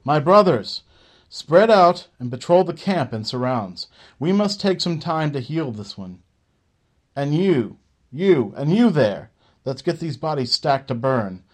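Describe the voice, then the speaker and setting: A man's voice: fairly high pitch, very animated, unhurried, pitched above the performer's own voice. A man voicing a commanding male gypsy leader who barks bold, declamatory orders.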